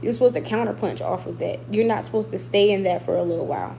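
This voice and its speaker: A woman's voice: mid-range voice, fast, creaky, warm tone, slight background noise, poor audio. A woman boxer chatting casually with her viewers, emphatic and repeating points for stress. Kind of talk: casual livestream chat with viewers.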